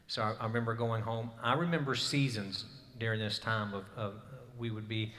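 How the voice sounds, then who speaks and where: A man's voice: lowish voice, fairly even intonation, a little fast, few pauses, fairly bright tone. A man in his thirties preaching a sermon, telling a personal story in an earnest way and rising to emphatic bursts. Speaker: pastor. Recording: hall reverb.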